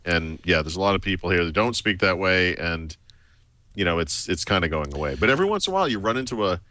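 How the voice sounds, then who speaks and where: An easygoing male co-host chatting on a tech podcast with dry humor. His voice sits very low. His tone is bright and forward. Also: lively intonation, quick pace. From Boston area, US. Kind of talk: casual tech podcast chat.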